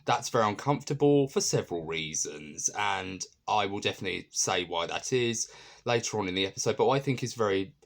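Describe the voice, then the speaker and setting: A man with a low voice reviews a TV episode in a loose, chatty way. He wanders through his points and keeps stopping to restart or fill gaps with ums. He comes across earnest and keen on the episode. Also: expressive, a little fast, gravelly. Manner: rambling, many fillers and restarts. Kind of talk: casual spoken episode review.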